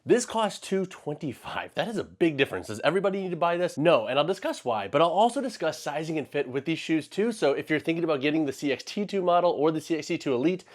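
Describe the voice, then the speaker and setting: Lively, animated man reviewing shoes. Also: a little high. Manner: lively and conversational, leans on "like" and "all that to say". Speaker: shoe reviewer. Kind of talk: casual product review.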